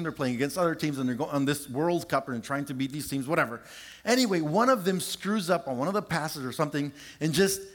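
Animated high-voiced preacher man. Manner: animated and confessional, draws out words, shifts pitch sharply for emphasis; lively, joking asides to the congregation. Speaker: pastor. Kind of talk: sermon.

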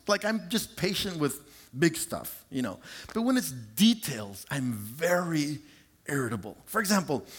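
A middle-aged male pastor preaching a sermon, animated and confessional, joking with his congregation and stretching words out for emphasis. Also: slightly rough. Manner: animated and confessional, draws out words, shifts pitch sharply for emphasis; lively, joking asides to the congregation.

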